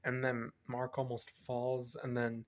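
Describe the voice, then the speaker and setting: Flat-toned man rambling through a plot recap. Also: medium pitch, unhurried. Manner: rambling, self-correcting retelling. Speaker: movie reviewer. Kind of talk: casual plot recap for a film review.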